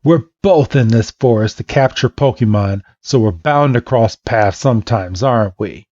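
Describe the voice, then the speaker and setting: A man's voice: medium pitch, lively intonation, moderate pace, darkish tone, dry recording, lightly acted. A man voicing a cocky, condescending boy rival in a smug, taunting manner. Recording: dull lo-fi podcast mic.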